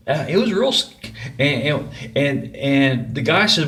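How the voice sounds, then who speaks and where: A man's voice: on the high side, very animated, slow, fairly bright tone. A middle-aged man telling a personal story in a folksy, rambling way. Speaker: vlogger.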